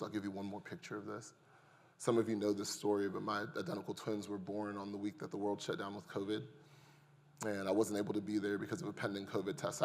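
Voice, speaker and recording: A pastor in his thirties preaching a sermon to his congregation, calling them "y'all" and moving from quiet reflection to loud, impassioned testimony. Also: on the low side, big-room sound. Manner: builds from hushed to loud and impassioned.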